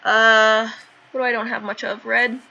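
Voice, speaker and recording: A young adult woman chatting casually and thinking out loud as she plays a card game. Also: a little high, flat delivery, moderate pace, vocal fry, muffled recording. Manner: chatty, thinks aloud while playing. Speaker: streamer. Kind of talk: casual gameplay commentary.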